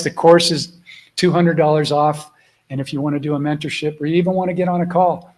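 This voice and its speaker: A man's voice: fairly high pitch, rough recording. A middle-aged man hosting a live spiritual Q&A from home, chatting casually and affectionately with viewers. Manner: affectionate, rambling, talks softly to his dog. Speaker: host of a live spiritual Q&A call. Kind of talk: casual live-stream chat.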